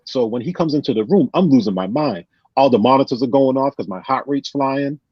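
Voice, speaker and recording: A man's voice: medium pitch, brisk, slightly rough, no room sound. A man with a New England accent, a podcast guest telling stories in casual chat and acting out what his friends said. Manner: animated, acts out quotes of friends. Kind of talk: casual storytelling. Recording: dull lo-fi sound.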